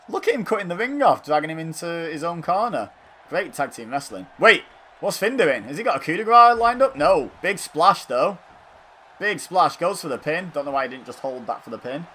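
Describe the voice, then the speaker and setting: A man giving casual play-by-play commentary over a wrestling video game, bursting into loud exclamations and then dropping into dry asides. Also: medium pitch, slight background noise.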